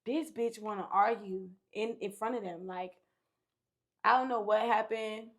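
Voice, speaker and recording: A woman's voice: medium pitch, fairly even intonation, a little slow. A young woman, a podcast guest, telling a story in casual chat, candid and profane, acting out what people said.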